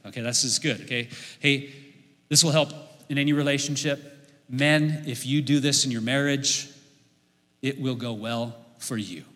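A man in his forties preaching a sermon as pastor, lively and joking, leading the congregation in repeated lines. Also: medium pitch, normal speed. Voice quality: bright, lively preaching voice with humor. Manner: leads the congregation in repeating lines, jokes and laughs. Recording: echoey hall with long reverb.

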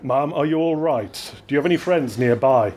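A man's voice: mid-range voice, normal speed, a little mellow, a little hiss or hum, natural voice. A man reading a polite, awkward wolf-man policeman. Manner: formal, courteous.

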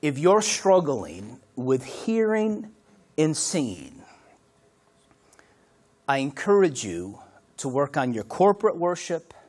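A middle-aged pastor preaches a sermon in a higher-pitched voice, speaking slowly and pausing often. He swings between loud, animated bursts and hushed moments that are close to a whisper.

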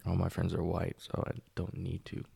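Deadpan young man with gravelly voice. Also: sits low, normal speed. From Hawaii. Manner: deadpan, dry wit, terse replies. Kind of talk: casual chat.

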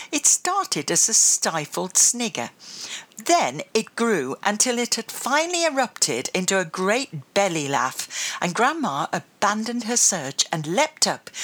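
A woman's voice: sits low, sharp tone. A woman reading a children's adventure storybook aloud, telling it expressively. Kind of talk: storybook narration.

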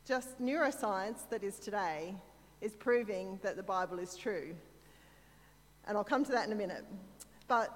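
A woman's voice: a little high, in a large hall. A woman with an Australian accent giving a conversational sermon, telling stories with chatty, self-deprecating asides. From Sydney, Australia. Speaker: church speaker.

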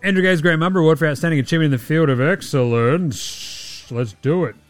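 A man's voice: on the high side, a little fast, dry recording, soft background music. A man with an Australian accent hosting a casual sports podcast, crude, sarcastic and full of swearing. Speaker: podcast host.

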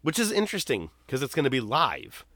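A man's voice: medium pitch, wildly swooping pitch, a little fast, fairly bright tone, dry recording, studio quality. A man hosting a podcast in casual chat, telling long, rambling stories with plenty of swearing. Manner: profane, rambling storyteller. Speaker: podcast host.

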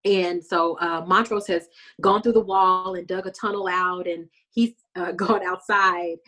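A podcast co-host recaps a TV episode in a casual chat, telling it animatedly and acting out the characters' lines. She speaks at a measured pace in a voice on the low side.

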